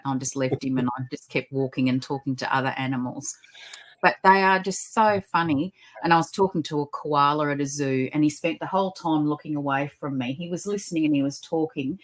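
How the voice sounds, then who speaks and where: A low-pitched woman, a guest on a podcast over a video call. She tells her stories in an animated, upbeat way. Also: a little fast. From Australia. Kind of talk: podcast interview.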